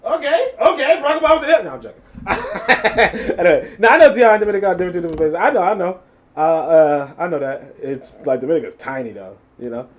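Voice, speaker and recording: A man's voice: a little high, brisk, a little hiss or hum. A man hosting a live reaction stream, reading chat comments aloud and mocking what he hears, swearing and laughing as he goes. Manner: animated, mocking, swears freely, laughs often.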